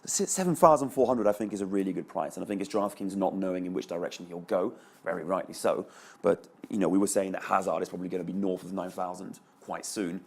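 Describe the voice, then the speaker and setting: A man's voice: low-pitched, quick pace, vocal fry. A man, a panelist chatting analytically on a sports show. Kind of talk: panel discussion.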